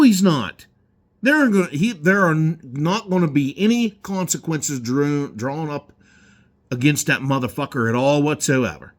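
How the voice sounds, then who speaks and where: A man's voice: fairly high pitch, animated, moderate pace. A man in his garage, heatedly ranting in a rambling, profane vlog monologue. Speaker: garage owner. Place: indoor garage.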